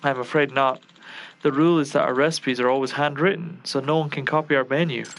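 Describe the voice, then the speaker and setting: A man's voice: medium pitch, fairly even intonation, a little fast, gravelly, fairly bright tone. A man voicing a flustered young male cook who frets and scolds himself.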